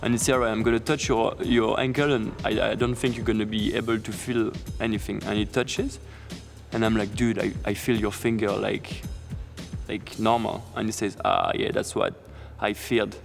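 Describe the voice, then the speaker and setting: A man in his thirties with a French accent, telling a personal story in a lively way, laughing often and acting out what others said. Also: fairly low pitch, normal speed, vocal fry, faint music behind. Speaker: BMX rider telling a story.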